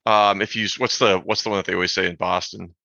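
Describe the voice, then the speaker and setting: A man co-hosting a podcast, chatting casually and rambling about language with animated asides. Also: low-pitched, fast, gravelly, dry recording, highs cut off. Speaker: podcast co-host. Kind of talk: casual chat.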